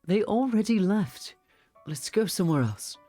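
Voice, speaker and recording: A man's voice: high voice, very animated, normal speed, dark tone, soft background music, voice pushed up. A man voicing a timid young male student in a fake British accent, reading a visual novel aloud. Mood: polite.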